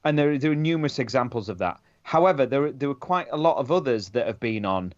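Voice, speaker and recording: A man's voice: mid-range voice, expressive, fast. A man hosting a podcast, quizzing his guests in a casual interview over a dull online call. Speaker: podcast host.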